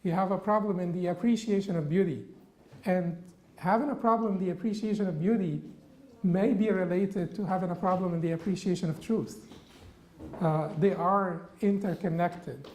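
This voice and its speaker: A man giving a religious classroom lecture, halting with frequent restarts and rhetorical questions. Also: high-pitched, dark tone, roomy sound, a little hiss or hum, poor audio.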